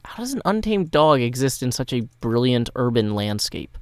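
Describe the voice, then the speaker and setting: A man talks through his Minecraft game in a casual, wordy way, full of playful theatrical tangents. His pitch swings widely as he goes. The sound is dry and close, with no room echo. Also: very animated, normal speed, clear, resonant tone. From Tennessee, USA. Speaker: Minecraft YouTuber. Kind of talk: casual gameplay commentary.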